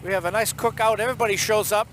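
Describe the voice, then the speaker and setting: A man's voice: high voice, steady tone, very fast, fairly bright tone. A man with a Boston accent, telling a rambling, chatty story in a casual vlog recorded outdoors on the road. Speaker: vlogger. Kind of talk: casual vlog while riding. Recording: outdoor traffic noise.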